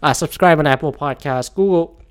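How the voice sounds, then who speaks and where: A man's voice: fairly high pitch, moderate pace. A man hosting a solo podcast, ranting in an exasperated, profane way, a bit teary and gulping after a swab test. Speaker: podcast host.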